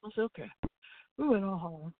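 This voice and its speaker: A woman telling a lively testimony on a gospel talk show, quoting people as she goes. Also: mid-range voice, a little fast. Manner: animated storytelling with laughs and acted-out quotes. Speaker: gospel radio co-host. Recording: dry, tinny phone-line sound.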